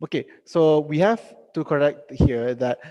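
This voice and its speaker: A young man teaching a live online English lesson, reading out students' sentences and correcting them gently. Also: fairly high pitch, a little slow, big-room sound, muffled recording.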